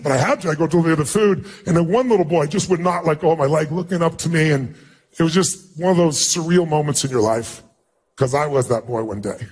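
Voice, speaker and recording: A man with a husky, somewhat raised voice addresses an audience as a motivational speaker. He tells a personal story with emphatic delivery and acts out the people in it. His tone is earnest and stirring. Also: a little high.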